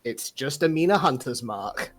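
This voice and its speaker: Animated, joking player, swings widely in pitch. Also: normal speed, faint music behind. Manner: lively, excitable, joking. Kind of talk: casual chat at a tabletop game.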